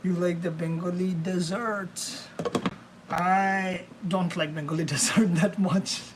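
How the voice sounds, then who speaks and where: A man's voice: sits high, steady tone, takes it slowly, noisy background. A young man live streaming while he cooks, chatting to his viewers in a rambling way and calling them bro and man. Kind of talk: casual live-stream chat while cooking. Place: home kitchen.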